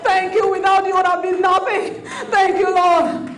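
A woman's voice: extremely high pitch, little pitch movement, moderate pace, a bit bright, roomy sound. A woman voicing a healed male leper who fervently repeats his thanks. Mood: overjoyed thanks.

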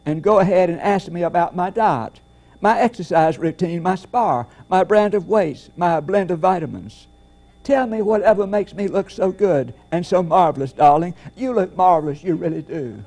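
A man's voice: high voice, moderate pace, a little mellow. A man preaching does an impression of a vain comedian gushing about looks.

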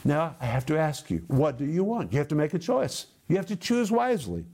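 A man preaching a Bible lesson with a slightly higher-than-average voice. He speeds through some phrases, then slows way down to lean hard on key words. His delivery is emphatic and insistent. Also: big pitch swings, mellow, a little hiss or hum. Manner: emphatic, sweeping shifts from quick bursts to slow drawn-out stresses. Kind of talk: televised Bible teaching.

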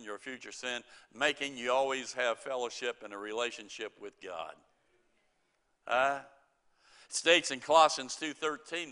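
Bright-voiced male preacher with a folksy manner. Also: mid-range voice. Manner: folksy storytelling, chuckles at his own jokes, quotes scripture. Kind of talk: sermon.

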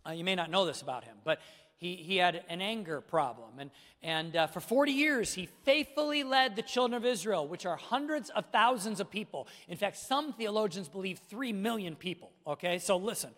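A man's voice: high-pitched, lively intonation, a little fast, a bit bright, in a large hall. A middle-aged male pastor preaching a sermon with emphasis, speaking straight to his congregation. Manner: emphatic preaching, addresses listeners directly.

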